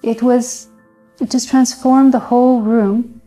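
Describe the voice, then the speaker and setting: Mellow woman struggling for words. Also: on the high side, fairly even intonation, faint music behind, poor audio. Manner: halting, restarting sentences. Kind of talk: emotional testimony.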